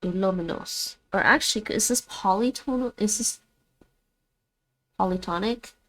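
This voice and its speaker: A woman's voice: medium pitch, moderate pace, fairly bright tone, poor audio. A woman streaming her language practice, thinking aloud and repeating words after an app.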